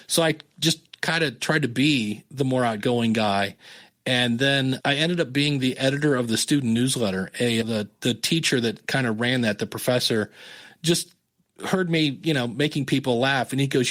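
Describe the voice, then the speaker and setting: A man's voice: medium pitch, moderate pace. A man in his fifties, a podcast guest telling stories in a casual interview, acting out the people he quotes. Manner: animated, acts out quoted dialogue.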